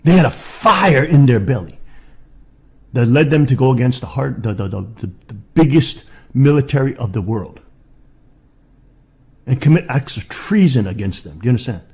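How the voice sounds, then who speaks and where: A middle-aged man preaching in a fiery rant, swinging from low muttering to shouted insults. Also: expressive, moderate pace, breathy edge.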